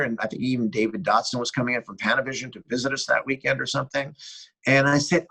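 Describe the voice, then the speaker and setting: Husky-voiced American man telling stories. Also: mid-range voice, quick pace, rough recording. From United States. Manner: animated anecdotal storyteller who acts out dialogue. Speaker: guest cinematographer. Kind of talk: casual interview storytelling.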